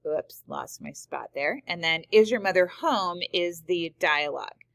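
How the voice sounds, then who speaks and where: A woman's voice: on the low side, lively intonation, a little slow, creaky, a bit bright, no room sound. A woman teacher explaining punctuation rules step by step, reading example sentences aloud. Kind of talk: screen-recorded grammar lesson.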